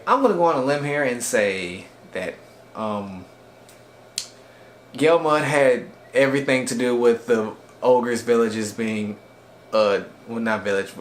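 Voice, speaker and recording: A man giving a casual, rambling recap of an anime episode for a review video, with frequent restarts and fillers. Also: medium pitch.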